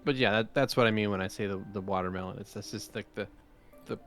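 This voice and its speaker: A man's voice: lowish voice, quick pace, fairly bright tone, faint music behind. A young man in a tabletop game session, talking casually in character with lots of fillers. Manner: casual, filler-heavy, rambling. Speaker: player.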